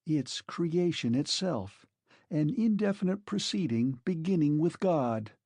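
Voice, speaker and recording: A man's voice: on the high side, animated, unhurried, darkish tone, dry recording, voice pushed up. A man reading an audiobook, voicing a serious, idealistic woman who speaks firmly and fervently. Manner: firm, fervent.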